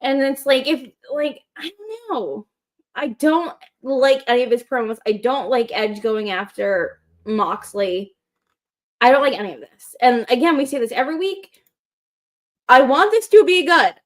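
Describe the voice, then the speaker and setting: A woman co-hosting a wrestling call-in show, ranting in an animated, frustrated way. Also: high voice, measured pace. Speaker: co-host. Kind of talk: casual chat.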